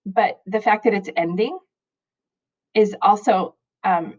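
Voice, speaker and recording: A middle-aged woman, a high school math teacher, chatting casually and rambling to her students from home, laughing often. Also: normal speed, a little mellow, slightly rough. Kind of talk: casual video chat to students. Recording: dull lo-fi recording.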